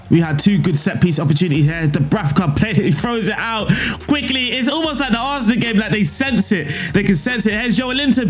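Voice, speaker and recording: A man commentating his own football management game and breaking down the tactics, excitable and quick to shout at missed chances. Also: high voice, over loud music. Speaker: video game streamer.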